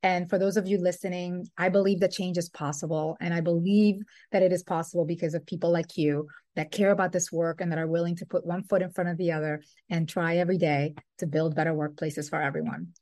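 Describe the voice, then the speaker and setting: A woman's voice: fairly low pitch, fairly even intonation, fairly quick, hardly any pauses, mellow. A middle-aged woman, a guest author in an interview, speaking in an earnest, thoughtful way and often restarting her sentences. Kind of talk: conversational interview.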